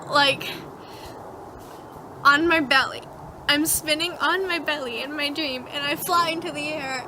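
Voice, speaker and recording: A woman's voice: sits high, noisy background. A teenage girl vlogger animatedly retelling a dream to camera, giggling often. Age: teens. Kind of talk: casual storytelling to camera.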